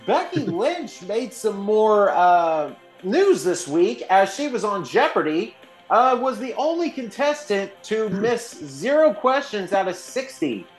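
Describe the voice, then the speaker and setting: A man with a high, bouncy voice reads wrestling news at an unhurried pace, joking and laughing as he goes. His delivery is loose and casual, with faint music in the background. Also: sing-song, reverberant, poor audio. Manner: jokey, loose, laughs while reading news. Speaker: podcast co-host reading news. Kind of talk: casual chat.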